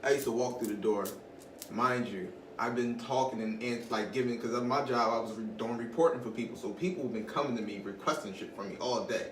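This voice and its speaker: A man's voice: mid-range voice, fairly quick, few pauses. A man co-hosting a casual podcast chat, venting frankly and swearing casually. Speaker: podcast co-host. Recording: roomy, distant mic, hiss.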